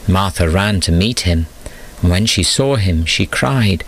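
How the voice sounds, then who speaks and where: A man giving scripted storybook narration in a steady, measured reading. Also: sits low, poor audio.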